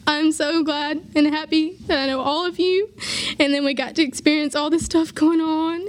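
A woman's voice: high voice, fairly even intonation, moderate pace. A graduating teenage girl, giving a heartfelt farewell speech to her church youth group, tearful and laughing through tears. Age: late teens.

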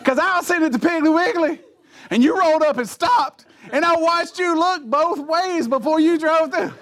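A man's voice: very high voice, normal speed, a bit bright, a faint crowd, voice pushed up. A man acting out an incredulous male police officer in a comic story, exclaiming in mock disbelief.

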